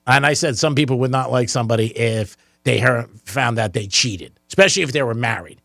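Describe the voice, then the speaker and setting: A man hosting a talk radio show in the studio, joking and getting excited, laughing often. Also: mid-range voice, fast, gravelly, few pauses, dry recording. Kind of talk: casual talk radio banter. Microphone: studio microphone.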